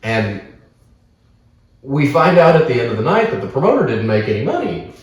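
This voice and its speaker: A man co-hosting a casual podcast, telling profane, animated stories. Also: medium pitch, normal speed, highs cut off. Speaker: podcast co-host, wrestler. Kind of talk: casual storytelling chat. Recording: roomy echo, distant from mic.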